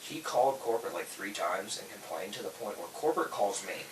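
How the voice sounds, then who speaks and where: A man casually telling stories on a podcast, acting out quoted people with loud, animated bursts. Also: fairly low pitch, a little fast. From Florida. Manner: animated, acts out quotes loudly. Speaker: podcast host, tool truck dealer. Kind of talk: casual storytelling chat. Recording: echoey room, distant mic, faint hiss.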